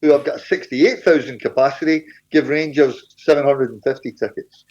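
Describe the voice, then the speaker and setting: A man's voice: mid-range voice, a little fast, darkish tone. Rambling man, dull sound. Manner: rambling, repeats words. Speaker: panel guest. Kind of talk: football panel talk.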